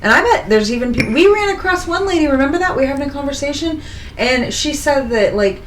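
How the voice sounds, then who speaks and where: Bubbly woman host, slightly high voice. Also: expressive, fast, slight background noise, poor audio. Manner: bubbly, laughs often. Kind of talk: casual chat. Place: studio.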